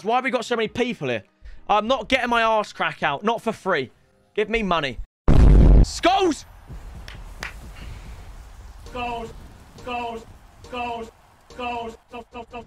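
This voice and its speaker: A young man streaming and commentating live as he opens game packs, excitable and breaking into shouted celebrations. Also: high voice.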